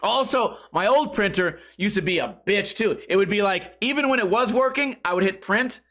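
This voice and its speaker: A man with a high, bright voice, rambling through a comedy podcast monologue. He acts out his own reactions and swears freely, with plenty of "dude" and "bro." His delivery is loose and conversational. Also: expressive, normal speed. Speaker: podcast host.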